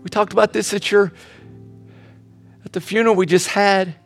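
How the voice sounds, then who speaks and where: A middle-aged man, a pastor, preaching with humor, swinging between loud outbursts and quiet moments. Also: sits high, fairly even intonation, normal speed, soft background music. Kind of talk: sermon.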